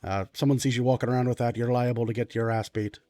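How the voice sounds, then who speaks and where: A man voicing a blunt, gruff dwarf brother who gives a low warning in a tabletop role-play game. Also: steady tone, quick pace, mellow, dry recording, faint music behind, close to an everyday voice.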